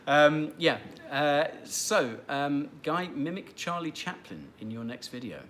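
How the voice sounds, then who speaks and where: Hosting a casual livestream, this man answers viewer questions in a rambling, chatty way, with lots of fillers and restarts, and lightly teases his regulars. His voice is a little high, animated and a bit bright, his pace slow, with slight background noise.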